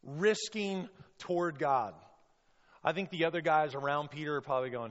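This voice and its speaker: A man preaching a sermon as a pastor, impassioned and storytelling, with sudden loud bursts when he acts out quotes. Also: on the high side, normal speed. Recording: long reverb, dull sound.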